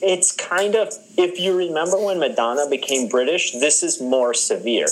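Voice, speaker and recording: A man's voice: fairly high pitch, animated, moderate pace, slight background noise, rough recording. A man co-hosting a podcast in casual chat, rambling with amused asides. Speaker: podcast co-host.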